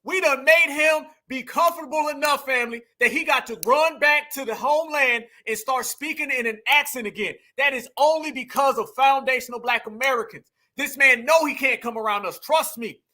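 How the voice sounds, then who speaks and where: High, bright-voiced ranting man. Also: normal speed, hardly any pauses. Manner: animated, profane, talks straight to the audience. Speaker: livestream host. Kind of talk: ranting commentary.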